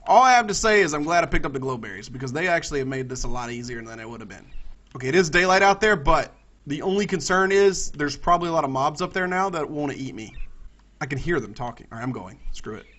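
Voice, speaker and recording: A man with a Southern US accent, giving excitable let's-play commentary and talking both to himself and to his viewers. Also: on the high side, fast talker, muffled recording. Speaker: gaming YouTuber.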